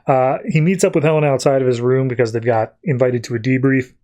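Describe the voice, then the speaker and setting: A man's voice: medium pitch, fairly even intonation, brisk, warm tone. Casual rambling comic podcast host, male. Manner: loose, rambling storytelling with many fillers. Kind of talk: casual comic-book recap.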